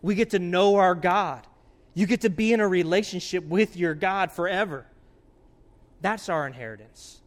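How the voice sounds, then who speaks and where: A man preaching a sermon as pastor, earnest, swinging between loud urgency and hushed warnings. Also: high voice, normal speed.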